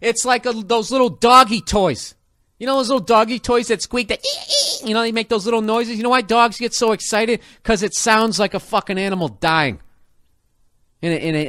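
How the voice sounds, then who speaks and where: A man's voice: high voice, a little fast, no echo. A man telling a story as a comic rant, swearing freely and acting out the people in it. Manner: profane, animated, mimics people in the story.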